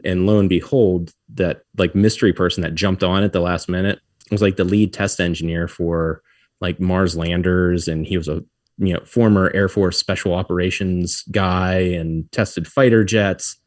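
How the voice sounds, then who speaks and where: Middle-aged man, very deep voice, lively storyteller, dry close sound. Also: moderate pace, no room sound. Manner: animated, acts out quotes, laughs often. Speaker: podcast guest. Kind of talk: casual storytelling.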